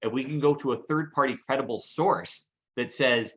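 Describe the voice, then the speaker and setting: A man co-hosts a casual podcast and tells animated anecdotes. His voice sits in a middle pitch. The sound is dull and a bit lo-fi. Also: normal speed. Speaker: podcast co-host. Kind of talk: casual chat, storytelling.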